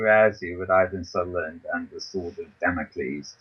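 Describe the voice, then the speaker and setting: A man's voice: sits low, fairly quick, few pauses, fairly bright tone, slightly rough, dull audio. A man hosting a talk show, reading a news roundup and hesitating often with ums and restarts, over a voice call from his computer. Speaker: podcast host.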